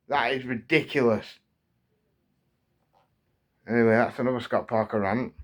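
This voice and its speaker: An Englishman in his thirties rants angrily to camera on his channel about football, heated and repeating himself as his frustration builds. His voice is mid-range with a steady tone, at normal speed, and he pauses often.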